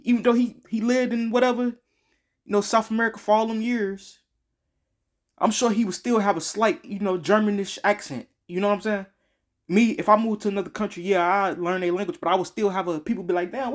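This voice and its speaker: A man giving a casual game review, slangy and profane, rambling with frequent restarts. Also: high voice.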